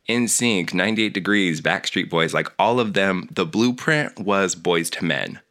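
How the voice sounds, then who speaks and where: A man's voice: low-pitched, measured pace, a bit bright. A man in a casual talk, ranting with heated passion and many filler words. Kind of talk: casual conversational rant.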